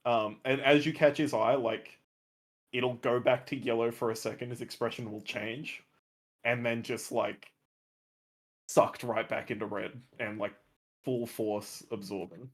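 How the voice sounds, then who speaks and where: A man's voice: medium pitch, fairly even intonation, unhurried. A man playing a tabletop role-playing game, talking casually and hesitating as he searches for words. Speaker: player.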